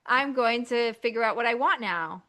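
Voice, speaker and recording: A woman talking casually as a podcast guest, acting out inner voices in lively asides. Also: fairly high pitch, moderate pace.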